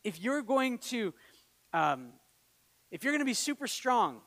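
A man delivers a sermon in an earnest tone that climbs toward emphatic peaks. His voice sits notably high for a man. A long reverb trails each phrase, as if in a large church hall. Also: big pitch swings, unhurried, a bit bright. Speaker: pastor.

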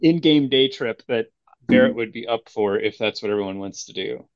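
A man with a middle-pitched voice plays a tabletop game. He rambles and restarts as he lays out a plan. The recording is muffled and lo-fi. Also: moderate pace, no room sound. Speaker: player. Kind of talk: playing a tabletop game over a call.

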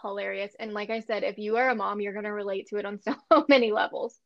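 A woman's voice: mid-range voice, fast, vocal fry, no echo, highs cut off. A woman in her thirties from Western Nebraska, co-hosting a podcast and telling stories with lots of giggles. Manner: giggly, animated storytelling. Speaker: podcast co-host. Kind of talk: casual chat.

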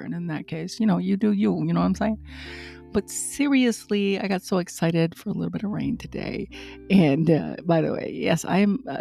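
Woman podcast host, middle-aged, from the US, mellow dark tone, jokey, rambling, casual. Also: lowish voice, vocal fry. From United States. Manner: chatty, rambling, self-deprecating and jokey. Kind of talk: casual solo podcast chat.

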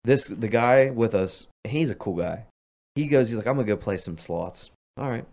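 A man's voice: mid-range voice, expressive, moderate pace, darkish tone. A young man telling rambling stories in casual chat with friends, full of fillers and laughs. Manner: rambling storyteller, lots of "like", laughs often.

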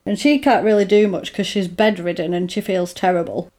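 A podcast co-host recaps a film plot at length in a relaxed, casual chat, rambling with plenty of fillers like "like" and "basically." Her medium-pitched voice moves fairly quickly, and she acts out the characters' lines when quoting them.

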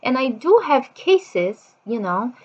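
A woman talking casually about her teenage daughter, in non-native English, animated and acting out her children's shouting. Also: on the high side, slow, lo-fi sound. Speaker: parent of a teenager. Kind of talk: casual chat.

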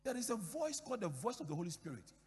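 A man's voice: high voice, sing-song, fast, a little mellow, big-room sound. A middle-aged man from Ghana preaching a sermon as pastor, emphatic, repeating key phrases and acting out dialogue in his stories.

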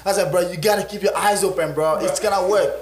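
A young adult man telling stories in casual podcast chat, excitable and profane, acting out what people said. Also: high voice, quick pace. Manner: excitable, profane slang, acts out quotes. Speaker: podcast co-host. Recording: echoey room.

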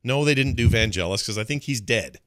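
A man's voice: medium pitch, animated, brisk, a bit bright, no room sound, clean studio sound. A man co-hosting a movie podcast in casual chat, talking with rambling enthusiasm. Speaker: podcast co-host.

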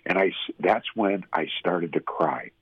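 Deep raspy guy telling his story haltingly, tinny phone sound, dry. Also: no room sound. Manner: halting storytelling with restarts, emotional. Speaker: guest, former radio host. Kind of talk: personal testimony in an interview.

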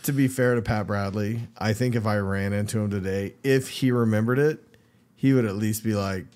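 A man's voice: fairly low pitch, steady tone, normal speed, darkish tone. A man co-hosting a podcast, chatting casually with a wry, self-deprecating humor. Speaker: podcast co-host. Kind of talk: casual chat.

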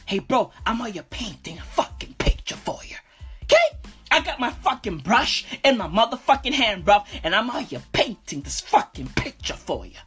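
A woman's voice: mid-range voice, sing-song, normal speed, a bit bright, soft background music. A woman playing a boastful, foul-mouthed male street bro who talks in cursing slang and keeps saying "bruv", in a comedic character monologue.

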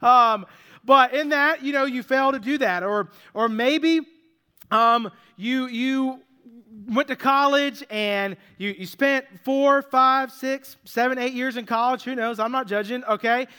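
A man preaching a sermon in a conversational, self-deprecating way, slowing down on key words for emphasis. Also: extremely high pitch, pushed and bright, clear, resonant tone, big-room sound. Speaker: pastor.

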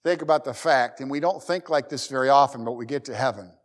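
A middle-aged man preaching a sermon as pastor, folksy and joking, with lively swings in pitch and loudness. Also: fast.

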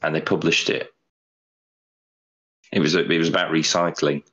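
A man's voice: extremely low pitch, flat delivery, normal speed, fairly bright tone, breathy edge, muffled recording. A man in his twenties co-hosting a podcast in casual chat, rambling and repeating words as he thinks. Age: 20s. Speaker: podcast co-host.

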